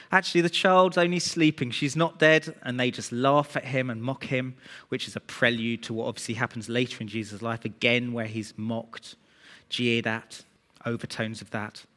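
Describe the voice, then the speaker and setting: A man's voice: medium pitch, pushed and bright. A man preaching a sermon, earnest, lifting his voice on key words. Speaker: pastor. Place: church hall. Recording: church hall reverb.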